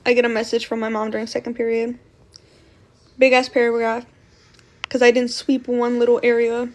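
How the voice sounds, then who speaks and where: Casting note: woman with a higher-pitched voice, casual storytime vlogger, blunt and slangy, swears a lot. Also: completely flat delivery, moderate pace. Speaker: storytime creator.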